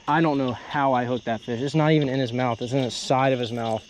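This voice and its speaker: A young man vlogging from a boat on a night fishing trip, excitedly exclaiming as he talks, with crickets behind him outdoors. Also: medium pitch, fast, few pauses, a little hiss or hum. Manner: excitable, exclaiming, breaks into whoops. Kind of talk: excited outdoor vlog commentary. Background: crickets and insects at night.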